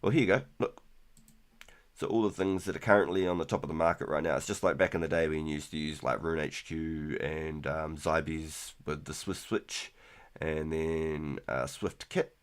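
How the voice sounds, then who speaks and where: A man in his thirties casually chatting through a live game stream, relaxed and rambling, with keyboard clicks behind him. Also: a bass voice, normal speed, clean tone. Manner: relaxed, rambling, repeats words. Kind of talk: casual gameplay commentary.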